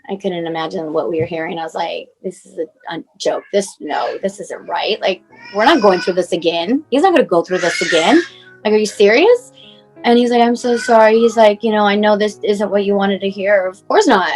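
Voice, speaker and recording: A woman's voice: medium pitch, moderate pace, faint music behind, rough recording. A woman in her forties, a mother telling her son's story as a guest, talking in a rambling way full of "like" and "you know", on a clip-on mic. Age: 40s. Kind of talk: emotional personal account.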